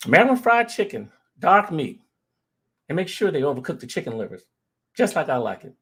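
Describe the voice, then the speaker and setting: A man's voice: fairly high pitch, sing-song, brisk, fairly bright tone, slightly rough, full character voice. A man quoting his older mother as she gives her dinner order, his voice a little raised. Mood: fond. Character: older mother, fond and particular about food.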